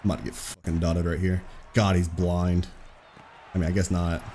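Excitable young man commentating gameplay. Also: low-pitched, moderate pace, a little hiss or hum. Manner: excitable, swears, trash-talks opponent. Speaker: gaming streamer.

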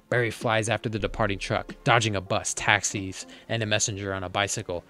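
A man's voice: lowish voice, flat delivery, brisk, few pauses, bright, forceful tone. A man reading a movie script's stage directions aloud for comedy, now and then tripping over words.

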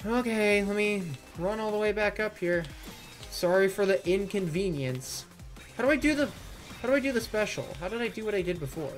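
A man's voice: sits high, brisk. A man giving let's-play commentary, sarcastic and critical as he rants about the game he is playing. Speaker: gaming YouTuber. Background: faint game music.

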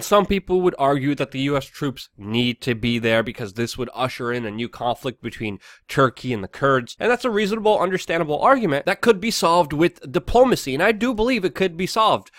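A man hosts his own news commentary and rants hotly through it, stumbling over fillers and restarts. His voice sits a little high for a man. It sounds close and dry, with no room around it. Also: a bit bright, no echo. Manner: heated, ranting, many fillers and restarts. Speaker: political commentary host.

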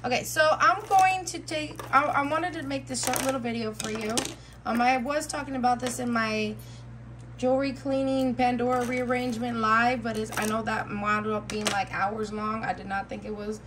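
Hoarse woman reviewing jewelry, high bright voice, blunt chatty talk, faint hum behind. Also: normal speed. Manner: chatty, blunt, animated complaining. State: hoarse, voice nearly gone. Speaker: jewelry vlogger. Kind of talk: casual product review.

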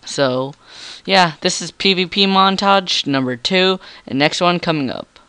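A man's voice: high voice, a little slow, bright, forceful tone, clean tone, no room sound. A teenage boy doing goofy, rambling commentary over his game, with a frog in his throat. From Canada. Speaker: gamer. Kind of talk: gameplay commentary.

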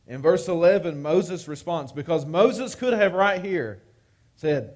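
A man's voice: a little high, animated, unhurried, a little mellow. A man preaching a live-streamed sermon, talking conversationally and often checking in with "right?". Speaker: pastor.

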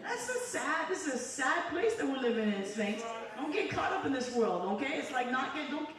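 A woman's voice: sits high, sing-song, normal speed, a bit bright. A woman evangelist giving a conversational sermon full of testimony, with call-and-response asides to the congregation. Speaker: evangelist preacher. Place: church sanctuary. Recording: echoey church filmed from far off. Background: congregation audible.

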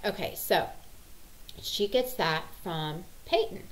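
A woman's voice: on the low side, animated, slow, poor audio. A woman, rambling through a story about her kids, exasperated. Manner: exasperated, rambling, acts out quotes. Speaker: mother vlogger. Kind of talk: casual storytelling vlog.

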